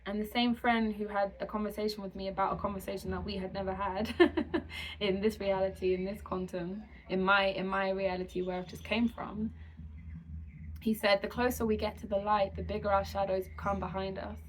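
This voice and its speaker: Woman, spiritual channeler, soothing repeated affirmations, mid-pitched voice, faint background hiss. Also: little pitch movement, rough recording. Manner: slow, soothing, repetitive affirmations.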